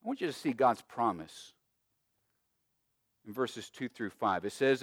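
A man preaching a sermon as pastor, emphatic, with big swings between loud and quiet and frequent restarts. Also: medium pitch, expressive, unhurried, pauses often, dry recording, clean studio sound. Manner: frequent repeated words and restarts.

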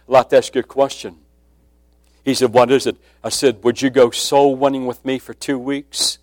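A man preaching a sermon with a personal testimony, speaking emphatically and dropping to a hushed voice when quoting. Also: medium pitch, no room sound.

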